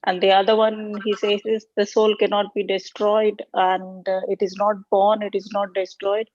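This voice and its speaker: A woman student answering her teacher's question, hesitant and pausing often with fillers. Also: medium pitch, little pitch movement, darkish tone, dry recording, highs cut off. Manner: hesitant, with many pauses and fillers.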